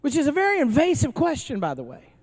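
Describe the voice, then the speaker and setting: This pastor talks fast in a high, slightly mellow voice whose pitch swoops wildly. Preaching conversationally before a live congregation, with the service also streamed online, he jokes, restarts sentences frequently, and asks the audience questions.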